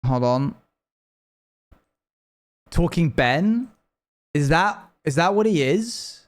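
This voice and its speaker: A man's voice: a little high, expressive, slow pace. Chatty rambling male game streamer. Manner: rambling, chatty, talks to viewers. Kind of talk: casual live-stream chat while gaming.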